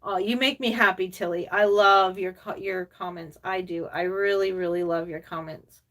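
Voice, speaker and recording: A woman's voice: on the low side, steady tone, normal speed, distant mic. Chatty older woman, a bit off-mic. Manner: chatty and rambling, with frequent fillers and laughs; drops into soft cooing baby talk at times. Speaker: reborn doll artist and collector hosting a live stream. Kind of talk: casual live-stream chat reading viewer comments.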